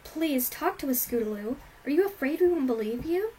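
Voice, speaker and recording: A woman's voice: fairly high pitch, fairly quick, a little hiss or hum, close to an everyday voice, rough recording. A woman voicing an anxious, bookish young female unicorn pony who stammers earnestly, in a homemade storybook reading. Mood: gentle.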